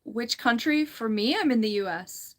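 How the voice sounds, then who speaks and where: A woman's voice: fairly high pitch, lively intonation, moderate pace. A woman chatty, giggly livestream host. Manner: chatty and giggly, often restarting sentences. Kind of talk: casual livestream chat, reading viewer comments.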